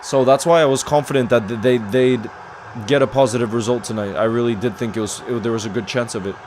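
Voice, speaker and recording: A man at a middle pitch hosting a casual football watchalong stream. He reacts to the match, talks to his pet and reads out chat comments in an easygoing way. A faint hum of noise sits behind his voice. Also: steady tone, fast talker. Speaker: football livestream host.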